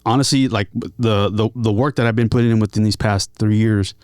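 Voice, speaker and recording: A man's voice: lowish voice, steady tone, a little fast, darkish tone, dry recording. Rambling man from San Diego, dry sound. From San Diego, California. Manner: rambling storyteller with many fillers and restarts. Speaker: guest musician. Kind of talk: casual interview chat.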